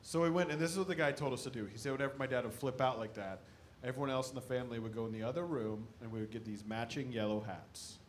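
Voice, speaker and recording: A stand-up comedian man from the American Midwest, telling animated stories about his family on a club stage. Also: medium pitch, fast talker, a little hiss or hum. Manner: animated storytelling, shouting impressions of his dad.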